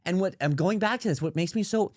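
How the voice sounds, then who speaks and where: A man co-hosting a casual sports podcast, telling stories in an animated, frustrated way. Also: sits high, fast, no echo, clean studio sound. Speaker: podcast co-host.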